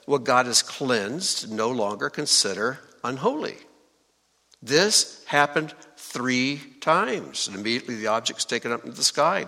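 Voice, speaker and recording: Man, preacher, sermon, animated pitch, bright forceful tone, long hall reverb. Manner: lively, asks the congregation questions. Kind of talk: sermon, teaching scripture.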